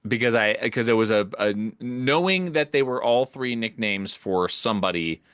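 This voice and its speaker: A man's voice: medium pitch, lively intonation, moderate pace, a bit bright, smooth, no echo, studio quality. A man co-hosting a casual chat, easygoing and thinking aloud as he talks. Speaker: podcast co-host.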